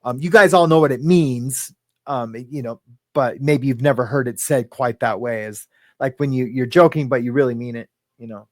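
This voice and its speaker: In a dry, clean studio recording, a livestream host speaks at a moderate pace in a medium-pitched voice. His talk is rambling and casual, with frequent laughter and shout-outs to viewers in the chat by name.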